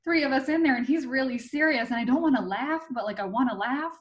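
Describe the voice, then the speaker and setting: A young woman, a real estate agent and guest, tells an anecdote in an animated, breathless way, often laughing as she talks. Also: high voice, fast talker. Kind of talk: storytelling anecdote.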